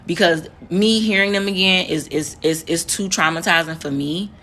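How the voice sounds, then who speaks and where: A fairly low-pitched, slightly bright woman's voice comes through at a moderate pace over a little hiss or hum. In an emotional storytime vlog, this American nurse in her thirties tells her viewers a heated, profane tale and repeats words for emphasis.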